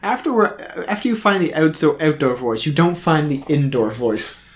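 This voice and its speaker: Wry, slightly high-voiced male co-host. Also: expressive, moderate pace. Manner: wry, profane, emphatic riffing. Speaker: podcast co-host. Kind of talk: casual chat.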